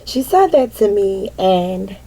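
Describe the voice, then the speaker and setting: A woman's voice: medium pitch, lively intonation, slow pace, noisy background. A woman in casual spiritual reflection, talking with a repetitive, emphatic, preacher-like cadence. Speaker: mother speaking to an online audience.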